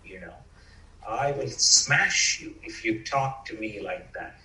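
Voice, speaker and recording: A man voicing his vicious, bullying inner critic, who threatens in slow, emphatic words. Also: mid-range voice, animated, sharp tone, heavily acted. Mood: menacing. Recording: roomy, from far off.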